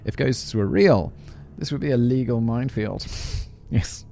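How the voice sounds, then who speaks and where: A man's voice: mid-range voice, a little slow, creaky, mellow. A man hosting a podcast, reading a story aloud with sardonic, self-mocking asides and casual swearing, close to the microphone. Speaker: podcast host.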